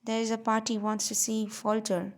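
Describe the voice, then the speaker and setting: A woman's voice: on the high side, flat delivery, lightly acted. A woman reading the part of a quizzical sixteen-year-old office boy. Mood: brisk. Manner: quizzical, brisk.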